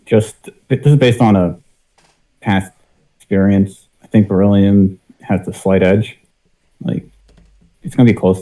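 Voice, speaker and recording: Male panelist, low relaxed voice, rambling think-aloud delivery. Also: poor audio. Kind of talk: casual panel chat.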